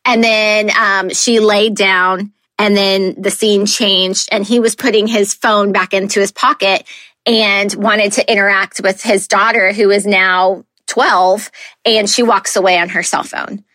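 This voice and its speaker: A woman's voice: medium pitch, little pitch movement, a little slow, pushed and bright, no echo. Woman podcast host in her thirties: chatty, earnest, loose with fillers, on a close, dry mic. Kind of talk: casual solo podcast talk.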